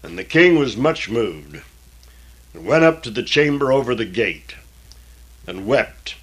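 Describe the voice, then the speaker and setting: A man reading scripture aloud in a deliberate, old-fashioned diction, stopping now and then for plain explanatory asides. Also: medium pitch, expressive, husky. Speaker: Bible reader and teacher.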